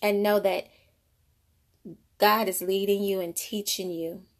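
A woman's voice: medium pitch, flat delivery, slow. A woman in her thirties, a mother of two, talking casually about parenting and faith in a rambling, conversational way. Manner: conversational, rambling, frequent "you know". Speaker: mother sharing parenting thoughts. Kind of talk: casual faith-based monologue.

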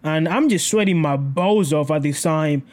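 A man's voice: on the high side, normal speed, a little mellow. A young man vlogging casually to his camera, telling a story in a rambling, self-correcting way, swearing freely and laughing often.

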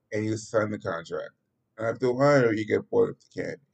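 A man's voice: on the low side, fairly quick, creaky, breathy edge, lo-fi sound. A man narrating a story aloud in a homemade reading, stumbling and restarting now and then. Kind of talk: amateur read-aloud narration.

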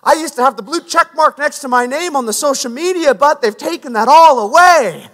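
A man's voice: extremely high pitch, fairly quick, fairly bright tone, pitched above the performer's own voice. A man doing a self-pitying fallen old exile. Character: aging exiled man lamenting lost status. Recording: echoey hall with long reverb.

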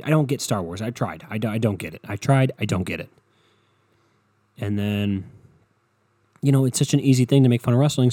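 A man's voice: mid-range voice, breathy edge, no echo. A young man rambling through a profane, comedic monologue as a podcast host. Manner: rambling, profane, animated storytelling.

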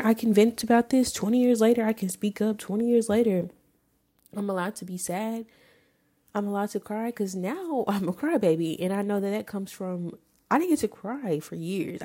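A woman's voice: on the low side, mellow. A woman in her twenties hosting a podcast, telling her own story in a candid, emotional way with casual swearing. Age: 20s. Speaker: podcast host. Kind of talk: personal storytelling monologue.

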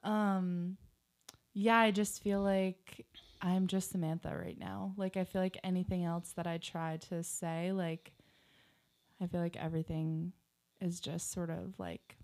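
Young woman podcast co-host, unhurried and grounded, pausing often, fairly low warm voice. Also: little pitch movement. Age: young adult. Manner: slow, grounded, pausing with many fillers. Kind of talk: casual chat.

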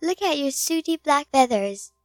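A woman's voice: high voice, animated, moderate pace, a little mellow, no room sound, clean studio sound, faint music behind, voice pushed up. A woman voicing a small mocking caterpillar that taunts and laughs. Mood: taunting.

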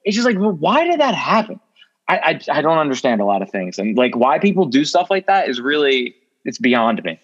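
Lively young man on a dull line. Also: a little high, fairly quick. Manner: earnest, bewildered, with frequent restarts. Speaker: podcast co-host. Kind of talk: casual podcast chat. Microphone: remote call. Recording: dull remote audio line.

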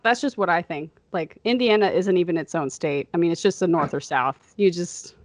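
A young woman co-hosting a podcast, talking in a slightly nasal Chicago accent. Her voice sits on the lower side for a woman and is recorded very dry and close. She rambles through casual chat, tossing in quick asides and frequent laughs. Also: a little mellow, no room sound. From American Midwest. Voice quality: somewhat nasal. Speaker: podcast co-host.

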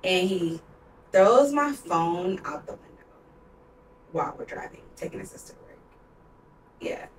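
A woman's voice: lowish voice, animated, measured pace, long pauses, a little hiss or hum. A young woman in her twenties, a podcast co-host, telling a personal story in a candid, emotional way, with heavy use of "like.". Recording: roomy sound, distant from mic.

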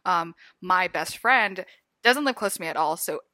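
A young woman chatting with friends, telling stories in a relaxed way. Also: on the low side, moderate pace, dry recording. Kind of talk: casual chat among friends.

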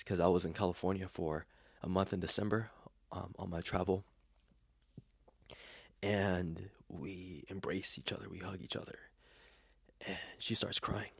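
Young man, very deep voice, dry close sound, reflective emotional storytelling, hushed at times, halting with fillers. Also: creaky, slightly rough, no room sound. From Los Angeles area, US. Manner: reflective, emotional, many fillers and restarts, often drops to a soft near-whisper. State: emotional, tearing up. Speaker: vlogger telling a personal story. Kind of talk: casual personal storytelling.

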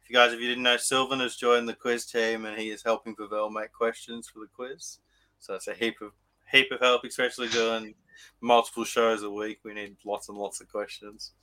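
A man's voice: medium pitch, level tone, brisk, sharp tone. An Australian man hosting a collectors' podcast and running a quiz, upbeat and leading the talk. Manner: upbeat, leads the talk and explains rules. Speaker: podcast host.

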